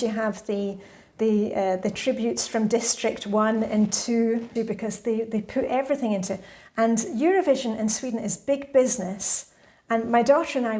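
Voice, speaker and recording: Brief: middle-aged woman lifestyle vlogger, slightly high voice, chatty Q&A to camera, laughs easily. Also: dark tone. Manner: chatty, laughs often between points. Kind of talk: casual Q&A chat to camera.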